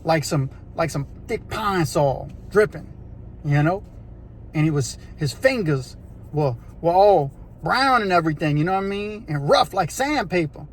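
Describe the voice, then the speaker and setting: A man telling a prison story in a casual, animated, slangy way, acting out voices and sounds. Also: a little high, moderate pace, a little hiss or hum. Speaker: storyteller recounting prison life.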